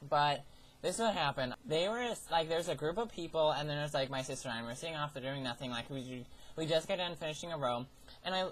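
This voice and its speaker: A man's voice: fairly high pitch, fast, fairly bright tone, a little hiss or hum, rough recording. A teenage guy vlogging a story about a summer job, in a sassy, profane, theatrical way. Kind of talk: ranting personal storytelling.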